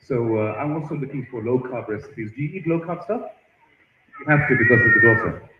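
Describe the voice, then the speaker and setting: A man hosting at a festival tent, chatting with and teasing visitors in a lively way. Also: medium pitch, a little fast. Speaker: event host interviewing visitors. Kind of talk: roving live-stream banter. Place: busy outdoor festival tent. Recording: echoey, muffled stream audio with crowd noise.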